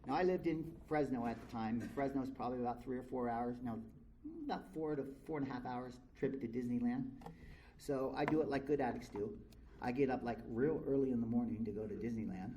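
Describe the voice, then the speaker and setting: His voice is warm and mid-range, heard on a rough recording with a little hiss or hum. He's a middle-aged Californian telling his story to a live crowd at a recovery meeting in a convention meeting room, candid, blunt and full of profanity.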